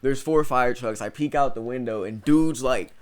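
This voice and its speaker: A man's voice: medium pitch, normal speed, darkish tone. A young man in his twenties from Ohio, a guest in a casual interview, rambling through stories and saying "bro" a lot. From Ohio, USA. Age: 20s. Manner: rambling storytelling, peppered with "bro".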